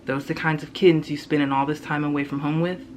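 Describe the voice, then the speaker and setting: Gruff small-town dad in a story reading, blunt clipped talk, guy doing the voice. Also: fairly high pitch, flat delivery, fairly quick, slight background noise, close to an everyday voice. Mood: scolding.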